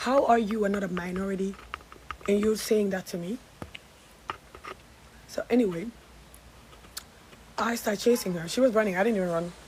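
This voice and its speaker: A woman from Gambia telling a casual story time to her followers, animated and sassy, with some swearing. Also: mid-range voice, normal speed, pauses often, slight background noise, poor audio. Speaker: social media storyteller.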